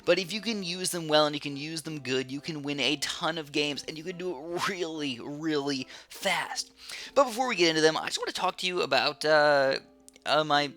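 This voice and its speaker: A man talks quickly through his own gameplay in a rambling, filler-heavy way, breaking into sudden excited shouts. His voice sits a little high. Music plays clearly beneath him. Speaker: gameplay commentator. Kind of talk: casual game commentary. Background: background music.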